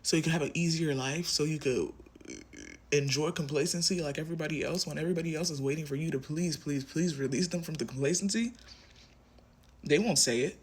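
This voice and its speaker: Husky man giving a fiery reading. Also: on the high side, fairly even intonation, fast. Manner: impassioned, emphatic, repeats phrases, swears. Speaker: tarot reader. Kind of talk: collective tarot reading, speaking to viewer.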